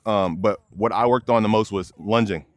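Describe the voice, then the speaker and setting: A young man with a fairly low, dry voice teaches leash training outside near a fence. He talks loosely and casually, calling viewers y'all between instructions. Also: moderate pace, dry recording. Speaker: dog trainer. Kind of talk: outdoor training demonstration. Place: outdoors by a fence near many dogs.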